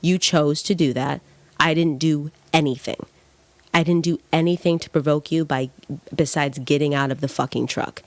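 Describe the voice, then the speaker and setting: A woman's voice: low-pitched, fairly even intonation, normal speed, no room sound. Blunt, swearing young woman, dry sound. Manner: blunt, heated, swears freely. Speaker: podcast host. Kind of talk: casual monologue.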